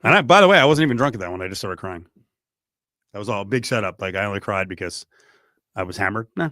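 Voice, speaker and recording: A middle-aged man hosting a sports radio show in a studio, joking and animated. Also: lowish voice, fast talker, long pauses, no room sound. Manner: animated, joking, swings from mutter to near-shout. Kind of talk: casual sports talk. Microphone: studio mic.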